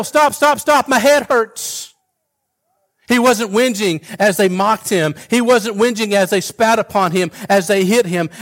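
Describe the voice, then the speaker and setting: Man preaching in a higher voice. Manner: conversational preaching with frequent fillers and restarts; rhetorical questions and homespun humor. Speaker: pastor. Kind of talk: sermon.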